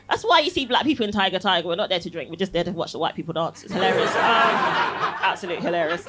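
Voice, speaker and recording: Animated woman doing stand-up. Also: medium pitch, fast, background noise. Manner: chatty, punchy, laughs at her own jokes, tags lines with "yeah?". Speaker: stand-up comedian. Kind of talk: stand-up comedy set. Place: comedy club stage. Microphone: handheld stage mic.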